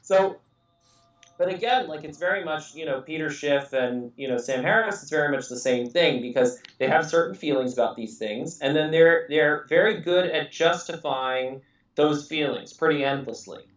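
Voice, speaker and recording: A man's voice: on the high side, normal speed. Man talking loosely in an echoey room. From England. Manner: rambling, many fillers and restarts, laughs often. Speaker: podcast host. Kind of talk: casual podcast conversation. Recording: echoey room, distant mic, dull audio.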